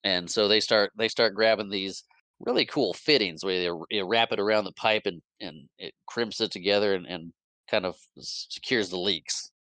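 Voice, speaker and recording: A man on a podcast giving an animated, casual recap of a movie plot, jumping into quick character voices between fillers and restarts. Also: fairly low pitch, no echo. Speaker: podcast co-host.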